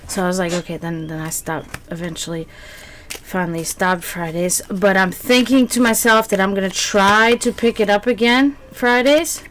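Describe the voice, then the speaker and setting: Female streamer, casual rambling chat to viewers, filler-heavy, average pitch, faint background noise. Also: steady tone, normal speed, fairly bright tone. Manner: rambling, many fillers and restarts.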